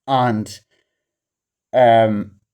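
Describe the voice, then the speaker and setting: Speaking extremely slowly in a fairly low voice with little pitch movement, this man rants casually about a film, rambling, swearing often, and leaning on fillers. He acts out the film's lines in a raised voice; his tone is clean, but the sound is lo-fi.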